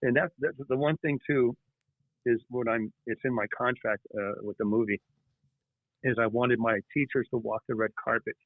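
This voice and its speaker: A man, the guest author, telling animated stories in an interview, halting and restarting often. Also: mid-range voice, no echo. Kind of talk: storytelling interview chat. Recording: tinny phone-like line.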